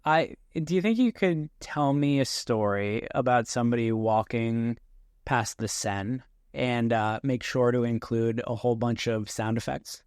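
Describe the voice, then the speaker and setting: A man hosting a podcast in a relaxed, chatty way, speaking into a desk microphone. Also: mid-range voice, a little slow, smooth, no echo, clean studio sound. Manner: relaxed, chatty, with restarts and small laughs. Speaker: podcast host. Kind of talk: casual podcast talk. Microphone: desk mic.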